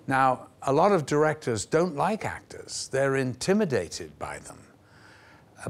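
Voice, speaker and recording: A man's voice: mid-range voice, vocal fry. Older man telling stories with relish. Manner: vivid, acts out the voices in his stories. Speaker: actor guest. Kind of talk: anecdotal storytelling in a TV interview. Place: television studio.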